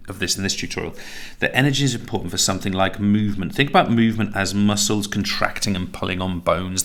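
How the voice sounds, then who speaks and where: A man's voice: low-pitched, vocal fry, a bit bright. A man teaching a recorded tutorial lesson, chatty and self-correcting, laughing at his own slips.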